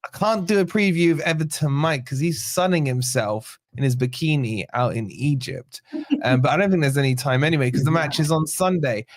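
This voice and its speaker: A man's voice: fairly high pitch, fairly quick, dry recording. A man hosting a football fan chat on a video call, teasing the others and wrapping up the show. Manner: teasing, runs the show and wraps up. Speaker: host of a fan channel show. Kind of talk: casual chat.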